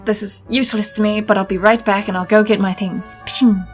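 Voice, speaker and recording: A woman's voice: mid-range voice, steady tone, fast, soft background music. A woman playing a tabletop role-playing game, speaking in character in a nervous, flustered, giggly way. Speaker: player.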